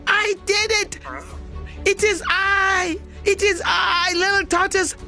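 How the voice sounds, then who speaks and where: A woman voicing a small, brave female tortoise, high and bold. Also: expressive, measured pace, sharp tone, soft background music, exaggerated voice. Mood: triumphant. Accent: South African.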